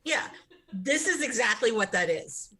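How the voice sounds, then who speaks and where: A woman's voice: a little high, animated, unhurried, sharp tone, husky. A woman co-hosting a wrestling podcast, chatting enthusiastically and rambling. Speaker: podcast co-host. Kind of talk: casual chat.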